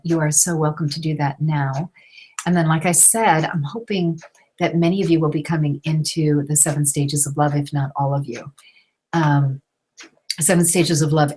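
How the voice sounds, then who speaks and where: A woman's voice: low voice, a little mellow, breathy edge, rough recording. A middle-aged woman teaching an online class, talking casually with many fillers and restarts. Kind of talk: casual teaching, reading out questions.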